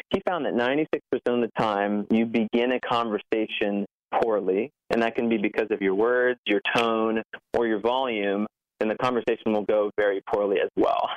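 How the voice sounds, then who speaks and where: A man's voice: fairly low pitch, no echo. A man, a guest founder, talking earnestly in an interview with many "like" fillers and a nervous laugh. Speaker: podcast guest, app founder. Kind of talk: conversational interview. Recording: dull, muffled lo-fi sound.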